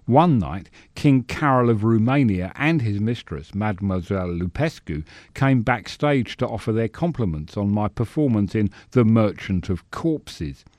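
Male storyteller, low voice, measured and sardonic. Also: animated, a little mellow, no room sound. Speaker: narrator. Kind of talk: scripted narration.

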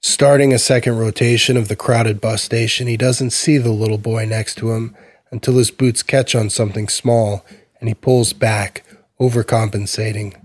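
A male narrator gives a measured, even reading of a short story, a piece of scripted fiction. His voice is fairly low. The sound is close and dry, with no room sound at all.

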